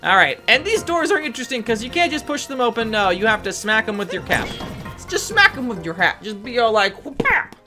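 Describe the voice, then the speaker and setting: A woman talks through a video game, rambling and teasing herself as she goes. Her voice sits fairly high and sounds bright. Her pitch swings widely. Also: very animated, brisk, faint music behind. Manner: chatty, rambling and self-mocking. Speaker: let's play host. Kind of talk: gameplay commentary.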